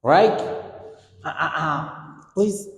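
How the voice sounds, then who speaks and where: Slow, deliberate male English teacher. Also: fairly high pitch. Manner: slow, deliberate drilling, repeating words for students. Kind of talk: online English grammar lesson. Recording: echoey room with long reverb.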